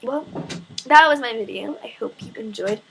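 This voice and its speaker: A young woman in her teens excitedly retelling a story in a casual vlog, gushing and full of "like" fillers. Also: fairly high pitch, normal speed, creaky, slight background noise.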